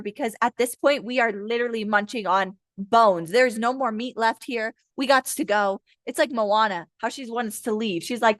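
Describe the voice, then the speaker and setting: A young woman giving a casual live tarot reading, blunt and profane, who breaks into quick high-pitched voices to act out her listeners. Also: fairly bright tone, no room sound, clean studio sound. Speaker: tarot reader.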